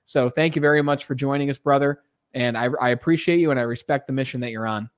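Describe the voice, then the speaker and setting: A man's voice: mid-range voice, fast, smooth. A male podcast host wrapping up an interview, enthusiastic and full of praise. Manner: enthusiastic, short affirmations.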